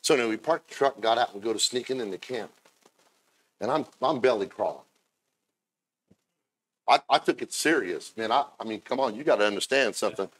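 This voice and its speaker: A man in his fifties preaching a sermon, moving between low, chatty storytelling and loud, shouted preaching. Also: expressive, brisk, long pauses. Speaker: pastor.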